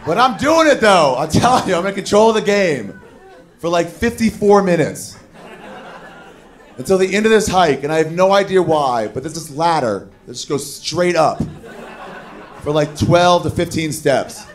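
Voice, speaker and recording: A man doing a stand-up comedy set on a club stage, telling a story with animated, shouted put-on voices. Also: fairly high pitch, normal speed. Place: comedy club stage before a live audience. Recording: live club recording with crowd. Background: audience laughter.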